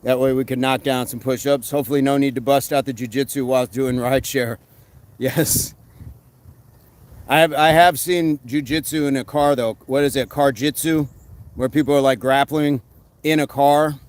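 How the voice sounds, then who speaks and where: A man hosting a casual live stream, reading comments aloud and giving quick fitness tips in a relaxed way. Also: mid-range voice, low-quality recording. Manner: relaxed, answers chat questions with quick tips.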